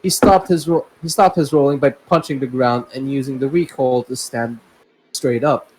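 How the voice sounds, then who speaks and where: A man's voice: medium pitch, normal speed, noisy background. A young man hosting and narrating a casual story reading, breaking off for joking, laughing asides. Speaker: host and narrator.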